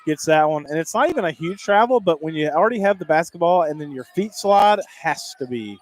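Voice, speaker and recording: A man calling high school basketball play-by-play, rapid and excitable, climbing higher on big plays. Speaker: play-by-play announcer.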